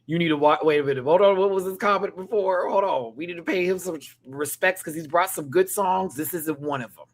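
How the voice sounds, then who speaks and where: A man giving a casual, sassy review of a reality show, swinging from loud outbursts to hushed asides and laughing often. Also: sits high, fairly quick. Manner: laughs often while talking. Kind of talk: casual reaction commentary.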